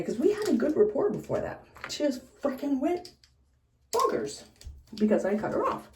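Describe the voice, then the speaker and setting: A woman bartender chats through a storytime as she gets ready, her mellow voice swooping up and down as she tells it bluntly and swears freely. She sits away from the mic in an echoey room of a house, with a faint hiss behind her. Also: high voice, very animated, moderate pace, far from the mic. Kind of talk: casual storytime while doing makeup.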